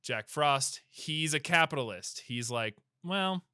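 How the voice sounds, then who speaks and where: A young man casually recapping a movie plot for a podcast, animated, swearing and slipping into quick character voices. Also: medium pitch, no room sound, clean studio sound. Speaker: podcast co-host.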